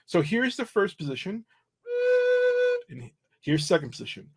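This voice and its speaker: A man with a fairly high voice teaching flute on a livestream. He explains in a loose, easygoing way, stopping to restart his sentences and filling gaps with ums and uhs. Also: normal speed, breathy edge, soft background music. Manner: relaxed explaining, many fillers and restarts. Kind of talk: livestream music lesson.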